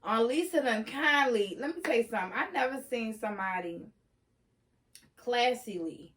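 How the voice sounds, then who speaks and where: A woman vlogger telling a story casually, animated and laughing often, jumping into excited voices as she retells what happened. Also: a little high, normal speed.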